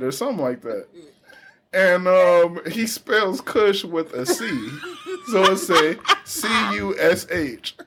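A man's voice: high voice, big pitch swings, takes it slowly, a bit bright, a little hiss or hum. Laughing man telling a story. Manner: laughs often while telling a story, slangy. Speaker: podcast co-host. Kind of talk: casual chat.

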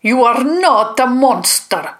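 A woman's voice: fairly high pitch, expressive, slow, a bit bright, pitched above the performer's own voice. A woman voicing a shape-shifting female monster leader who speaks formally and commandingly, in a children's storybook reading.

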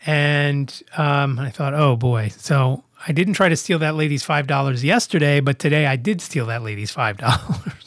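A man with a fairly high voice tells a story on his podcast, acting out each side of the exchange with lively shifts. He has a middle-aged sound, and the recording is close and dry, with no room echo. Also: moderate pace, hardly any pauses. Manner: animated, acts out both sides of dialogue. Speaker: podcast host. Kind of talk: casual storytelling monologue.

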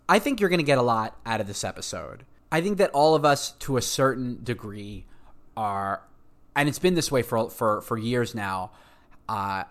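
A male podcast host introduces his show in an energetic, restless way. His voice sits at a middling pitch, and he keeps doubling back on words as he talks.

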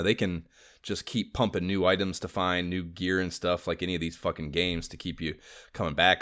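A man co-hosting a podcast, chatting casually about games, excitable, swearing a lot and laughing often. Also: low-pitched. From Los Angeles area. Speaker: podcast co-host.

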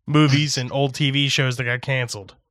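A young man chatting casually about movies and shows, swearing a lot and shouting when he acts out yelling. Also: mid-range voice, flat delivery, fairly quick, dry recording. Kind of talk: casual chat.

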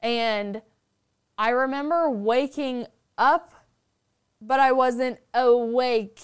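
Podcast guest: a woman telling stories, casual and animated, fond of swearing, with a smooth, clear voice. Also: on the high side, slow pace. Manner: animated, chatty, swears freely. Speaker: podcast guest, paranormal storyteller. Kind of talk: casual storytelling.

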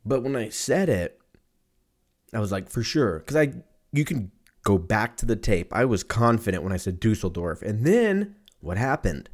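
A man's voice: fairly low pitch, very animated, moderate pace. A man hosting a podcast, rambling through a crude, self-mocking comedic monologue with lots of swearing. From Armenian and German heritage.

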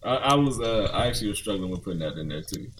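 A man's voice: lowish voice, lively intonation, racing, fairly bright tone, a little hiss or hum. A young man co-hosting a casual podcast, speaking in an emphatic, joking and opinionated way. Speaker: podcast co-host. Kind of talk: casual anime podcast chat.

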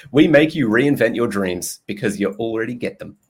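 A man's voice: medium pitch, husky. A young man hosting a podcast in a casual, jokey way, swearing freely and laughing often. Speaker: podcast host and nutrition coach. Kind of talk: casual chat.

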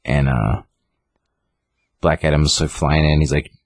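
A man's voice: a bass voice, fairly even intonation, unhurried, creaky, no room sound. A man casually retelling a comic book story on a podcast, rambling with lots of fillers. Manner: rambling, lots of fillers, reads out character lines.

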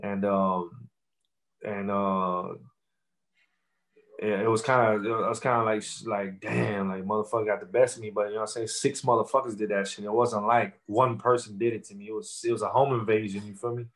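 A man's voice: lowish voice, flat delivery, moderate pace, low-quality recording. Laid-back young man rapper, slangy talk. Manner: loose slang-heavy street talk, many fillers. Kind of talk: casual interview storytelling.

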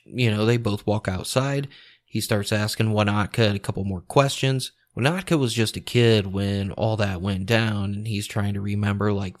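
A laid-back male storyteller with a lowish voice who tells the tale like a chat with friends. He swears freely and chuckles often. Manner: relaxed, profane, chuckling often. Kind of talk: casual storytelling.

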